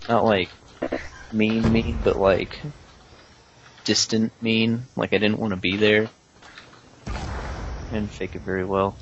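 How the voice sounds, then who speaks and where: A man's voice: lowish voice, level tone, slow, pauses often, dull audio, background noise. A young man telling a rambling, self-mocking story to friends in a casual chat, chuckling at himself.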